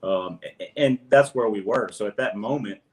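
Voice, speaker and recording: A man's voice: fairly low pitch, normal speed. A man with a Louisiana accent, a guest homesteader talking in a hesitant, earnest way, often repeating words. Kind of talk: casual interview chat.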